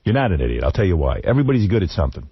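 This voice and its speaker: Male radio host, low husky voice, lively swings, dull lo-fi broadcast sound. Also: very fast, dry recording. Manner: mocking then earnest. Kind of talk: teasing radio banter.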